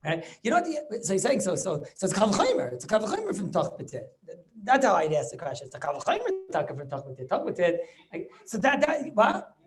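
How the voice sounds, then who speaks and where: A man's voice: sits high, fairly quick. Rabbi guy teaching on zoom, keeps repeating himself and firing questions. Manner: animated, repeats words, rhetorical questions. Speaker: rabbi teaching a Talmud class. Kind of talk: lively Torah class over video call. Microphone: video call.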